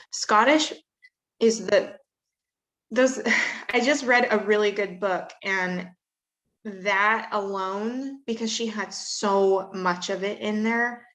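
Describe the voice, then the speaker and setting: A woman's voice: mid-range voice, fairly bright tone, low-quality recording. A woman writer asking a question in a casual group chat on a video call, hesitant and full of fillers. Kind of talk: casual online group talk.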